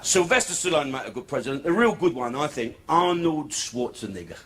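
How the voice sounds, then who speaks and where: A man's voice: fairly high pitch, big pitch swings, fairly quick, fairly bright tone. A man doing a crude, profane stand-up comedy set in a comedy club. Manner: crude, profane, swearing constantly. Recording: noisy club recording.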